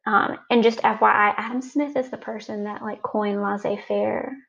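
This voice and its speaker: A woman from the United States co-hosts a casual chat, her voice gravelly with fry. She explains things with quick asides. The recording sounds dull and lo-fi. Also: mid-range voice, fairly even intonation, a bit bright. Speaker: podcast co-host; student.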